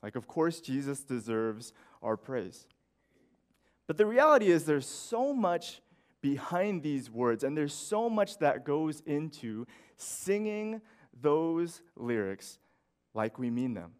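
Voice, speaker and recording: A man's voice: a little high, big pitch swings, takes it slowly, darkish tone, clean tone. A man in his thirties preaching a sermon as pastor, earnest and conversational, often checking in with "you know" and "right?".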